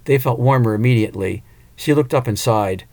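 A man narrating an audiobook, expressive, with an occasional small restart. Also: mid-range voice, fairly quick.

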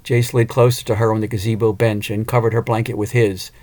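A man narrating an audiobook, expressive, with an occasional small restart. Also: on the low side, brisk.

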